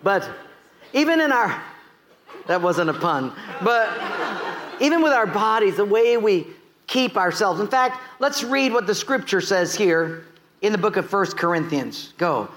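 Brief: American male pastor, high voice, animated sermon, jokey, asks the congregation questions. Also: measured pace. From United States. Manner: animated, asks the crowd questions, jokes and laughs.

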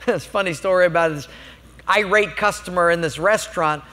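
A man's voice: high voice, moderate pace, pushed and bright, in a large hall. A man preaching a sermon as a pastor, emphatic and humorous, telling stories to make his points.

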